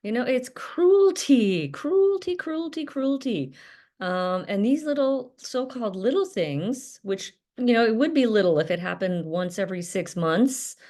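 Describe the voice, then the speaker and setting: A woman's voice: fairly high pitch, very animated, unhurried, warm tone. A woman talking earnestly to camera in a self-help video, stressing points by repeating words, with many fillers.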